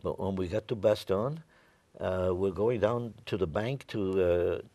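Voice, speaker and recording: A man's voice: low voice, a little slow, warm tone, no echo. A man in his nineties from New York, a war veteran telling his stories in an oral history interview, rambling and repeating his words. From New York, United States. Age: 90s.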